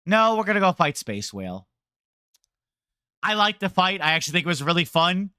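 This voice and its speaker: A man's voice: high voice, sing-song, fairly quick, pushed and bright, clean tone, dry recording, clean studio sound. A man streaming a game, ranting to his chat in a rambling, sarcastic way. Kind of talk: casual game rant to chat.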